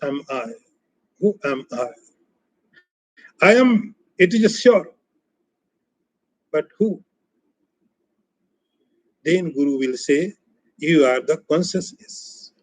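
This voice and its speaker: A man teaching as a spiritual teacher in a scripture lecture, speaking in short, emphatic, repeated phrases that often trail off softer. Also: a little high, expressive, extremely slow, long pauses, no room sound, poor audio.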